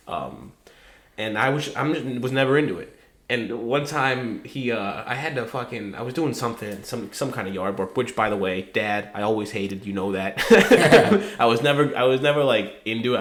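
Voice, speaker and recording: A man's voice: fairly low pitch, fairly bright tone. A young man co-hosting a podcast, telling rambling stories in casual chat, swearing often and laughing as he goes. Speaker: podcast co-host. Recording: roomy echo.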